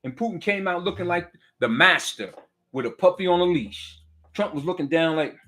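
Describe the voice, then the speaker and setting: With a high, sharp-toned voice, lively intonation and moderate pace, a middle-aged man rants heatedly about politics as a commentator, preaching fervently, going over the same points and questioning the listener directly.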